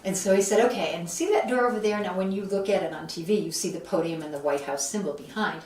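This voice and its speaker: A woman's voice: on the low side, quick pace. A woman from Buffalo, New York, telling a story as an interview guest, acting out the voices of the people in it. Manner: animated, acts out quoted voices. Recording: roomy echo, mic at a distance, faint background noise.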